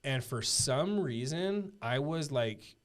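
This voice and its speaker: A man in his thirties, a podcast guest telling a personal story in a casual, earnest way, full of halting restarts and fillers. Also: mid-range voice, expressive.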